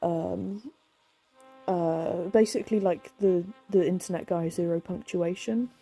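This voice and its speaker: A woman in her thirties talks through a video game in a loose, rambling way, with heavy vocal fry. She sounds tired from lack of sleep, and her voice is dark and mellow and sits fairly low. Soft game music plays faintly behind her. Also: fairly even intonation, unhurried. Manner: chatty, rambling, with many fillers. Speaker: game streamer. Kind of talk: casual let's-play commentary.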